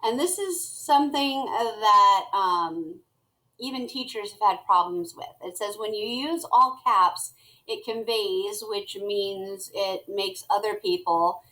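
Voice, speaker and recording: Middle-aged woman, teacher, slow step-by-step tutorial read, mid pitch. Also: sharp tone, low-quality recording. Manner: slow, step-by-step, talks to students as she types. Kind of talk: screen-recorded classroom tutorial.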